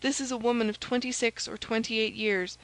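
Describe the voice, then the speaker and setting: A woman's voice: on the high side, fairly even intonation, moderate pace, lightly acted, poor audio. A woman voicing an agitated young male swordsman in an audiobook, speaking in a raised, pressing way. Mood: confiding.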